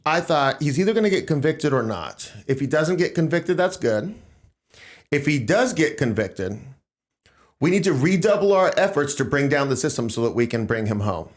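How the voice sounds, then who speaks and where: A man's voice: a little high, very animated, moderate pace. Opinionated man on a podcast. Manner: opinionated, emphatic, rambling. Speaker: podcast host. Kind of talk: casual political discussion.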